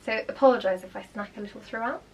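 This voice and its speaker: A woman's voice: mid-range voice, rapid-fire. Young female teacher, chatty and explanatory, casual at-home commentary. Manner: chatty, explanatory, animated asides. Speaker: primary school teacher.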